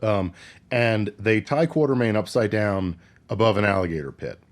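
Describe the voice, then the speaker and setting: A man's voice: on the low side, normal speed. A man co-hosting a podcast in casual chat, recapping a movie with wry, profane remarks. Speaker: podcast co-host.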